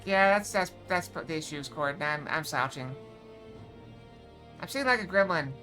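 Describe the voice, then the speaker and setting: A chatty woman streamer talks over a game from her desk, rambling and joking about herself. Her voice sits a little low but bright, with game music faint behind her. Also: moderate pace. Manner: chatty, self-mocking, rambling. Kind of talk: casual live game commentary. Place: at a desk at home.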